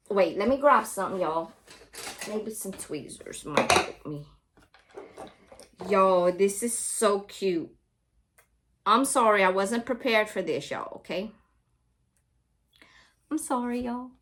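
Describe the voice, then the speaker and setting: A woman's voice: medium pitch, expressive, slow, long pauses, a bit bright, a little hiss or hum. A woman from Louisiana chatting in a casual unboxing vlog, gushing and talking straight to her viewers. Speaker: craft and book channel host.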